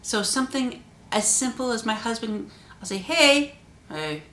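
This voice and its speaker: Expressive woman vlogger in a roomy space. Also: moderate pace. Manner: expressive, varies pitch and loudness for emphasis. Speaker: channel host. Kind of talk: talking to camera in a vlog. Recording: roomy echo.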